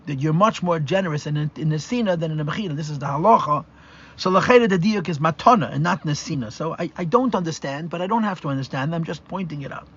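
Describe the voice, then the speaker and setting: With a fairly high, animated, slightly rough voice at a quick pace, a rabbi delivers a live Torah lecture. He walks through ideas step by step, thinks aloud with restarts, and uses Hebrew and Yiddish terms. The live class recording is dull and lo-fi.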